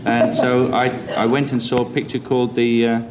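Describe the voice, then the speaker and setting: An older man with a softened Cockney London accent, telling anecdotes in a chatty, repetitive interview style. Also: medium pitch, little pitch movement, normal speed, noisy background. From East End of London. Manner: chatty storyteller, chuckles, repeats himself. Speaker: interviewee actor.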